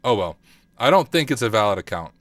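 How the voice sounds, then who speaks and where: A man's voice: on the low side, very animated, fairly quick, a bit bright, no echo. Casual man thinking aloud over typing. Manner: thinks aloud, self-deprecating, mutters while typing. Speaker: cybersecurity streamer. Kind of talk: casual livestream walkthrough.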